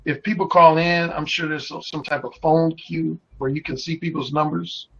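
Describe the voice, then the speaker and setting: A husky, slightly high-voiced man telling swaggering stories in a casual chat. He talks boldly and explicitly. The audio is muffled and lo-fi. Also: fairly even intonation, moderate pace, fairly bright tone. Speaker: guest, radio host.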